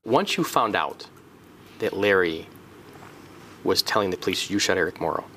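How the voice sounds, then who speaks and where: A man with a fairly low voice speaks deliberately and makes pointed arguments. He lets his questions land with weight. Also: animated, fairly bright tone, a little hiss or hum. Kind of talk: interview and questioning.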